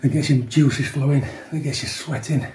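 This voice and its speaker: A man's voice: mid-range voice, steady tone, moderate pace, a little hiss or hum. A man in his fifties, chatting casually through a home workout and tacking "yeah" onto his lines, keeping his voice down at home. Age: 50s. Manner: chatty, keeps adding "yeah", talks softly to avoid waking people. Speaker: fitness vlogger. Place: room at home. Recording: echoey room, mic at a distance.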